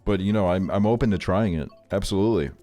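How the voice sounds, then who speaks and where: A man's voice: low voice, fast, mellow, soft background music. A young man streaming, chatting casually with his viewers, swearing often and sounding exasperated in a joking way. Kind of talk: casual chat.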